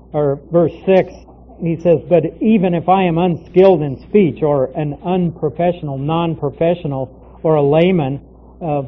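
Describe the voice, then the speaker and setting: A man teaching a Bible passage verse by verse, explaining it in a measured way with many small pauses. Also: on the high side. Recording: tinny phone-like lo-fi sound.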